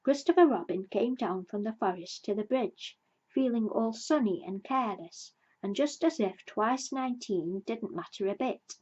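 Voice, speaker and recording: A woman reading a children's storybook aloud in a gentle, soft-spoken way. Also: a little high, lively intonation, moderate pace, slightly rough, muffled recording. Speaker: reader. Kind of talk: storybook read-aloud narration.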